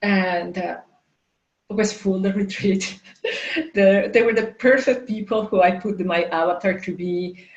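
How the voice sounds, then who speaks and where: A woman in her forties, a coach and entrepreneur, telling a candid personal story at a live talk, halting with many fillers and restarts. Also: mid-range voice, steady tone, reverberant, dull audio. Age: 40s.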